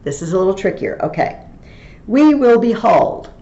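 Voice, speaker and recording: A woman's voice: mid-range voice, big pitch swings, moderate pace, dark tone, reverberant, highs cut off. A woman teaching a Latin lesson in a recorded tutorial, explaining each form patiently, step by step.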